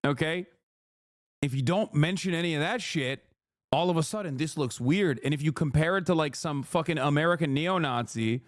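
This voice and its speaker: A man's voice: fairly high pitch, moderate pace, dry recording, clean studio sound. A man in his thirties streaming a reaction, ranting heatedly with profanity and sarcastic mimicry. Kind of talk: livestream reaction commentary.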